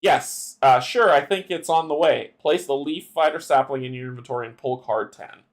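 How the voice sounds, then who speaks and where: A man's voice: medium pitch, normal speed. A man casually playing a solo card game adventure, thinking aloud and laughing often. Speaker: game player.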